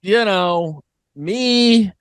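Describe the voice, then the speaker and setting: A man's voice: sits high, drawn-out words, clean tone, dry recording. A man co-hosting a comedy podcast, joking in a dry, mock-serious, riffing way. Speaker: podcast co-host. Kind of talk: casual comedy chat.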